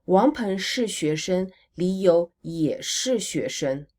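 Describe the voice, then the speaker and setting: A woman teaching a recorded language lesson. She models words slowly for repetition and answers her own questions. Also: on the low side, animated, darkish tone.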